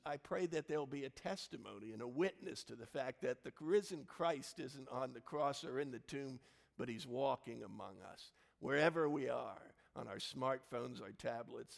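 A male pastor preaches from his church, telling stories with sudden loud exclamations. His voice sits at a middle pitch with a gravelly, creaky texture. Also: normal speed, big-room sound. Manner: warm storytelling with lively swings into loud exclamations. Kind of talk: sermon.

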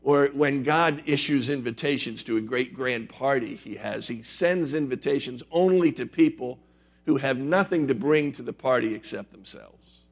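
A man's voice: mid-range voice, moderate pace, creaky. A male pastor preaching a sermon in a conversational, emphatic way with wry humor.

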